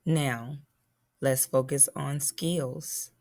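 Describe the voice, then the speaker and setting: A woman's voice: rumbling low, steady tone, drawn-out words, darkish tone. A woman teacher giving a phonics lesson to young children, patiently spelling and sounding out words.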